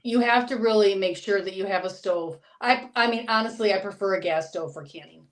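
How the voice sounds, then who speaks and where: A woman's voice: medium pitch, a little fast. A woman on a chat panel, giving firm, emphatic advice. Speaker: panel guest. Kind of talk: casual chat.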